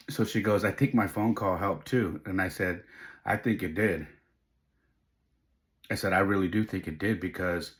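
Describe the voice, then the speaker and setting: A man's voice: sits low, a bit bright. A middle-aged man hosting a podcast, telling a personal story in an emotional, tearful way while crying. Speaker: podcast host.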